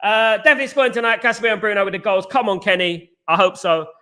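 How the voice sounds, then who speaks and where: A man hosting a football fan live stream, bantering and giving shout-outs to viewers in the chat. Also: high voice, fairly even intonation, racing. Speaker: host.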